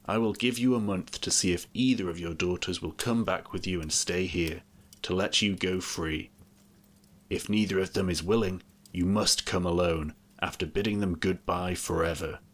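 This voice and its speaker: A man voicing an angry, grim beast who rules a castle, speaking in a stern, menacing way in a deep voice. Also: a bit bright.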